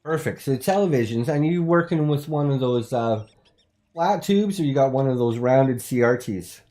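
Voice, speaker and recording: Man hosting a goofy call-in show, rambling deadpan, pitch all over the place. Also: moderate pace. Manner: rambling, swings from loud to muttered asides; deadpan absurd bluster. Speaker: host. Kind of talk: comedic call-in talk show.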